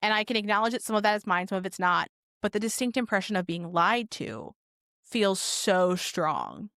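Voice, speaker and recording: A woman's voice: mid-range voice, very animated, moderate pace, a bit bright, no echo, studio quality. A woman co-hosting a casual podcast, telling stories with lots of swearing and acted-out quotes. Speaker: podcast co-host.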